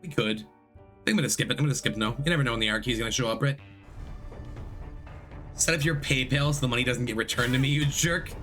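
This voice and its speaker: A man's voice: mid-range voice, quick pace, long pauses, a bit bright. A man streaming a video game, chatting loosely with his viewers and correcting himself as he goes, still recovering from a long illness. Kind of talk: casual gameplay commentary. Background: game music.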